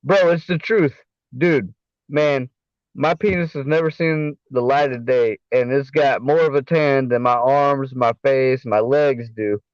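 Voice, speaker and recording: A man's voice: medium pitch, measured pace, no echo. A man chatting as a guest on a livestream panel, rambling and profane, full of fillers and restarts. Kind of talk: casual livestream chat. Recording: dull, dry online audio.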